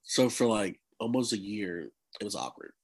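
Young guy, 20s, breathy husky tone, chatty guest, laughs a lot between stories. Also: fairly low pitch, big pitch swings, normal speed. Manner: chatty, laughs often, many fillers. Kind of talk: casual storytelling.

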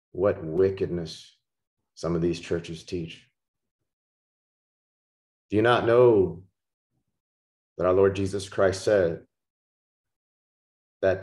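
Langsamer, tiefer Prediger mit Nachdruck. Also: male voice, low-pitched. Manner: slow, emphatic, repeats key words. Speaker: preacher. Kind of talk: sermon. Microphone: podcast microphone.

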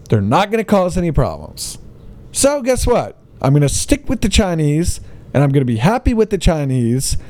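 A man's voice: fairly high pitch, dark tone. A man ranting to camera in a heated, emphatic, sarcastic monologue as a vlogger.

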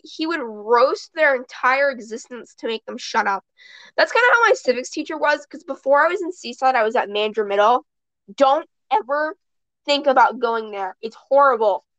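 This podcast host has a high, animated voice that's a bit bright, moving at a moderate pace. She chats casually, her rambling stories restarting mid-sentence. The recording sounds dull and dry, with no room sound.

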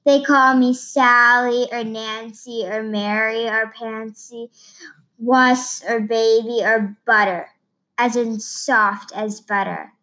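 Woman narrator for a first-person chapter read-aloud; higher voice, plain steady delivery. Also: rough recording. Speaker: reader.

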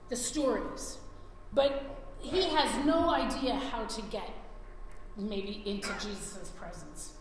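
Female preacher, animated storyteller; high, unhurried delivery, reverberant hall with faint ambience. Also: a little hiss or hum. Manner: animated storytelling, acting out scenes. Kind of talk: sermon.

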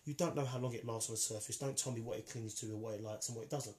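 A man's voice: mid-range voice, steady tone, very fast, a little mellow. A man in a casual debate, talking emphatically and repeating himself as he argues.

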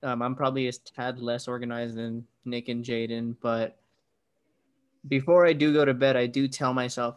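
A man's voice: mid-range voice, fairly even intonation, normal speed, clean tone. A young man co-hosting a podcast in rambling, joking casual chat. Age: young adult. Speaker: podcast co-host.

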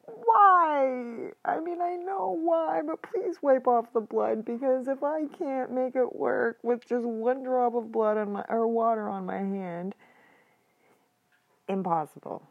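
A woman reacting aloud to a horror game, talking at the screen and swinging from whispers to shouts. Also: fairly high pitch, steady tone, measured pace, narrow, tinny audio. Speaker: gaming video host.

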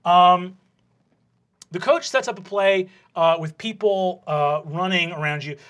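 A man's voice: high-pitched, measured pace, a bit bright, clean tone. A man narrating loosely as game master of a tabletop game, rambling and swearing.

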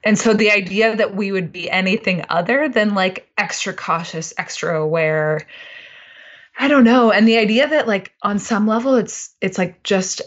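A woman speaking as a podcast guest, earnest and expressive in casual conversation. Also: medium pitch, moderate pace, lo-fi sound. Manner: earnest and expressive, many "like" fillers.

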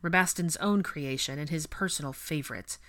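A woman's voice: deep voice, moderate pace, fairly bright tone. A woman reading the part of a brusque, commanding young wizard who gives firm, clipped orders.

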